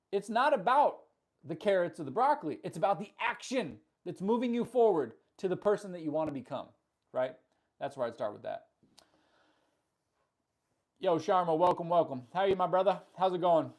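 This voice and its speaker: A man's voice: sits high, animated, moderate pace, a little mellow. A man coaching on a live stream, upbeat, greeting viewers and answering chat comments, often laughing and repeating words for emphasis. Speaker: fitness coach.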